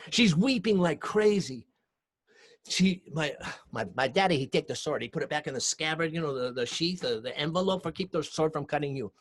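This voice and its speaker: A man with a Hawaiian Pidgin accent telling a story aloud, acting out voices and dropping to hushed whispers. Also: fairly high pitch, fairly quick. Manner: animated, acts out voices, shifts from shouts to hushed whispers. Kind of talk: oral storytelling. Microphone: home recording for video call show.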